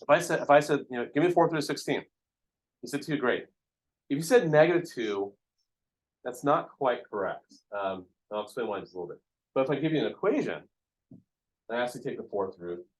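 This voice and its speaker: A man's voice: medium pitch, animated, fast, husky, no echo. A man teaching a math class, explaining each step casually with lots of ums and checks of "right?". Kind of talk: classroom lecture.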